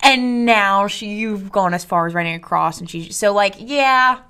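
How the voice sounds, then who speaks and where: A woman's voice: medium pitch, moderate pace, pushed and bright, smooth. A woman co-hosting a casual podcast, reacting and chatting in a conversational way. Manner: conversational, reacting, laughing along. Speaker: podcast co-host. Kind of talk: casual chat.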